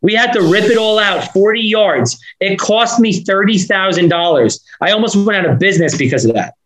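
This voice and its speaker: A man with a Northeastern US accent talks fast and with energy as a podcast guest. His voice sits high, and his sentences run on into each other. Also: lively intonation, fairly bright tone, poor audio. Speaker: podcast guest, business owner. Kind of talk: fast casual interview talk.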